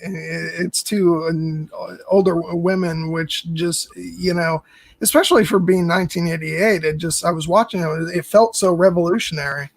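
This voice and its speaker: A man's voice: on the high side, moderate pace, no room sound, rough recording. A man co-hosting a film podcast in casual chat, hesitant and full of fillers and restarts.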